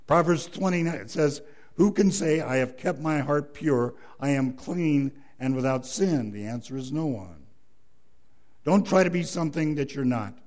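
A man's voice: a little high, lively intonation, moderate pace, a little mellow. A man preaching a sermon as pastor, emphatic, quoting scripture and telling a joke story.

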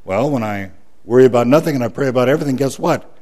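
A man's voice: medium pitch, lively intonation, very fast. Preaching male pastor. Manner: preaching with rising emphasis and quiet, softer prayer. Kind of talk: sermon.

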